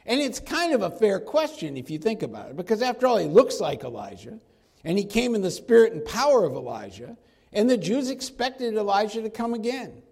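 A man with a fairly high voice, preaching verse by verse through a Bible passage. His delivery is conversational and lively, and he slips into casual slang when he acts out what the people in the story say. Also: a little fast, slightly rough. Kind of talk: expository Bible teaching.

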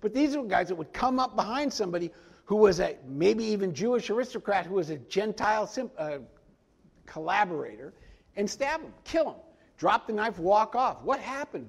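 A man preaching a conversational verse-by-verse sermon, animated and folksy, often stepping into the story to act out the characters. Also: high voice, normal speed. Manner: animated, acts out quoted lines in the story; folksy, frequent "I mean" asides. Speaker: pastor teaching a Bible study.

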